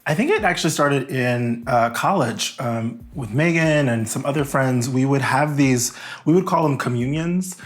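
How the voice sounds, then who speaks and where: A man's voice: mid-range voice, animated, moderate pace, soft background music. A man, a talk show guest, speaking earnestly and openly in casual chat. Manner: earnest, open, laughs easily.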